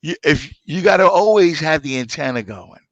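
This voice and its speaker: A man's voice: on the high side, lively intonation, normal speed, no echo, dull audio. A man who hosts sports radio, chatting emphatically and egging his co-host on. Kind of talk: casual chat.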